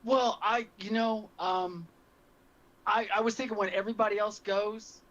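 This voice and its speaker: A man playing a tabletop horror game, joking in character as a timid gentleman. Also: sits high, fairly even intonation, normal speed. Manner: joking, cowardly character talk. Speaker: player. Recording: dull, lo-fi sound.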